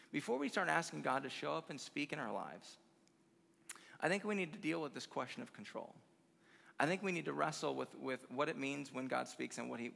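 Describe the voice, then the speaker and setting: Bright, gravelly young man preaching in a hall. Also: fairly high pitch. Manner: animated, humorous, speeds up as the jokes build. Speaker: conference speaker, pastor. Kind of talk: storytelling sermon to a youth conference. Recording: long reverb of a large hall.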